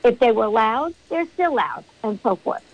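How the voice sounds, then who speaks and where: A middle-aged woman, a spiritual medium, speaking as a podcast guest and telling stories with lively acted-out quotes. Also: fairly high pitch, normal speed, lo-fi sound. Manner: animated storyteller, acts out quotes. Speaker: spiritual medium and card reader.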